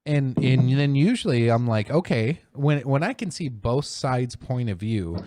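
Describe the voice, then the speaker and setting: A man's voice: lively intonation, a little slow, dark tone. A man hosting a casual podcast, ranting about politics with plenty of swearing and mocking impressions. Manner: profane, heated, mocking mimicry in high voice. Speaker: podcast host.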